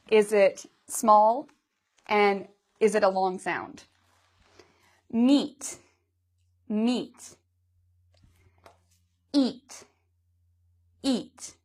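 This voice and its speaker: A woman with a mid-pitched voice teaches a pronunciation lesson. She talks patiently, models each vowel slowly and clearly, and keeps asking her learners questions about what they see and hear.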